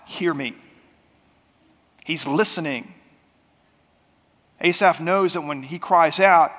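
A man preaching a sermon as pastor, talking in a conversational way that swings between loud and soft. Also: fairly high pitch, big-room sound. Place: church sanctuary.

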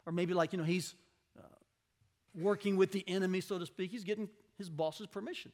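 High-voiced guy preaching, chatty sermon, acts out the bible characters. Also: fairly quick. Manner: expressive, acts out the people in the story. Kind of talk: conversational sermon.

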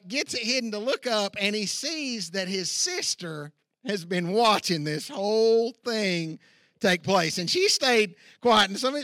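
A middle-aged man preaching a sermon outdoors, telling a folksy story with lively asides. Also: high-pitched, no echo, studio quality. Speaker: pastor. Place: outdoor church service.

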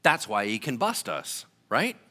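Male pastor, casual slangy preaching, lively swooping delivery, bright forceful tone. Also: medium pitch, unhurried. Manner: animated, conversational preaching with slang. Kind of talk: sermon.

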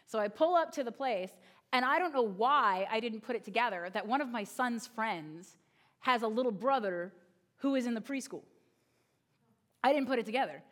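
Lady pastor preaching, funny story, voice jumps around a lot, highish. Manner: animated, humorous storytelling with voiced quotes. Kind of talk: sermon.

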